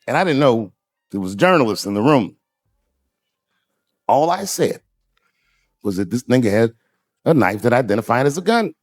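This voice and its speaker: Animated male stand-up comic. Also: mid-range voice, moderate pace, long pauses, dry recording. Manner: animated, swings from loud outbursts to quiet asides. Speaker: stand-up comedian. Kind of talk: stand-up comedy storytelling. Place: comedy stage.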